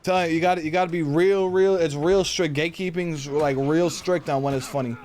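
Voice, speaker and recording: A young man live-streaming a game, rambling and swearing, breaking into high-pitched yells when frustrated. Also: steady tone, a little fast, slight background noise. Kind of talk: casual live-stream chat while gaming.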